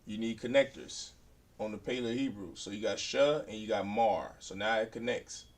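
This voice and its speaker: A man's voice: on the low side, normal speed. A man teaching a beginner language class, sounding out words syllable by syllable and repeating them as he writes on a board. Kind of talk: classroom lesson at a whiteboard.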